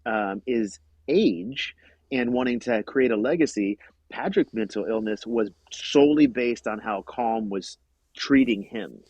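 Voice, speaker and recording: A man from the United States, a podcast guest, explaining things in a halting way with frequent restarts. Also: fairly low pitch, darkish tone, dry recording, highs cut off. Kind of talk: casual chat.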